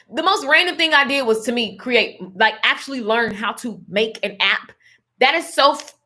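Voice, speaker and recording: On a live stream, a woman gives a casual but emphatic motivational talk, calling listeners pet names like darling and honey. Her high voice is bright and clear, and her tone stays preachy and church-flavored throughout.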